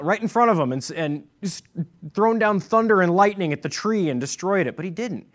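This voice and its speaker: A man preaching a sermon as pastor, emphatic and repeating his key points. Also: a little high.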